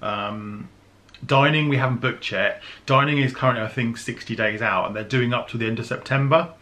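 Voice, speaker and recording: A man's voice: medium pitch, a little fast, pushed and bright. A man from the UK chatting casually about travel plans as a vlogger, laughing often and using lots of fillers. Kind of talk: casual chat.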